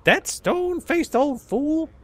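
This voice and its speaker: A man's voice: very high-pitched, lively intonation, takes it slowly, voice pushed up, heavily acted. A man voicing a crusty, gossipy old male bar regular in a put-on Southern drawl.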